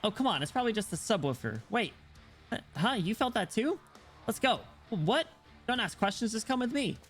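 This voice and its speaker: A man voicing an excited, flustered young concert fan in a game story. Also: sits high, normal speed, soft background music, pitched above the performer's own voice.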